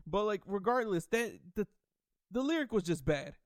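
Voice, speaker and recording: A young man hosting a podcast in casual chat, excitable and profane, laughing often and restarting his sentences. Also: high-pitched, normal speed, no room sound, clean studio sound. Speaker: podcast host.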